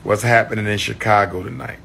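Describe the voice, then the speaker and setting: Man, slightly low voice, going hoarse, repeats shout-outs to viewers, faint background hiss. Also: steady tone, a little fast. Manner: repetitive, call-and-response shout-outs to viewers. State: losing his voice. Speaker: livestream host. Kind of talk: casual livestream chat.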